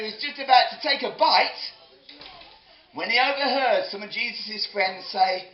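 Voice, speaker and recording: A man telling a Bible story to children in an animated, playful way, drawing in his audience. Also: high voice, measured pace. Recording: echoey hall, dull lo-fi sound.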